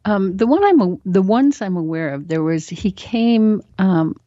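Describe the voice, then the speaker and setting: A woman guest on a talk show, telling a personal story in an animated way. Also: medium pitch, measured pace, no room sound. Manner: animated storyteller who acts out quoted voices. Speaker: interview guest. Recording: dull, lo-fi sound.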